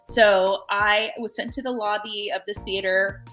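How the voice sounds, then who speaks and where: A woman telling a ghost story in casual chat, animated and laughing, acting out the voices of the people in it. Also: mid-range voice, measured pace, faint music behind.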